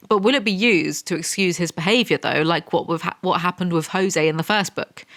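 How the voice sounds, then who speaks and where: A woman's voice: lowish voice, brisk, hardly any pauses, a bit bright. Sarcastic woman ranting about a book. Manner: sarcastic, exasperated, rambling. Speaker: book reviewer. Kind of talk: comedic book review rant.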